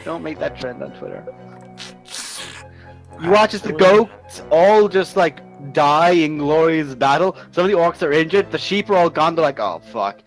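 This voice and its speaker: A man narrates a tabletop game as its game master, pitched high and full of swearing and laughter. Faint music plays behind him. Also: normal speed, gravelly, poor audio. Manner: laughing, profane, animated storytelling.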